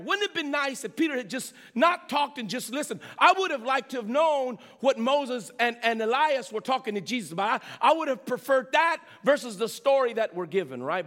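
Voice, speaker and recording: A male preacher with a high voice that swoops up and down as he preaches. He drives each point home with rhetorical questions and repeated lines. His voice rings out with the long echo of a big hall. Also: fairly bright tone. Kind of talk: sermon. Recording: long reverb of a large hall.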